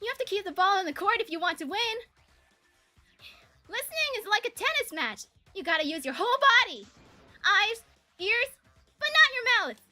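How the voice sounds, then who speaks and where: A woman voicing a loud, excitable young female tennis athlete in a game, reading the dialogue aloud in a shouting, high-strung way. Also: moderate pace, long pauses, soft background music, exaggerated voice. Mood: boastful.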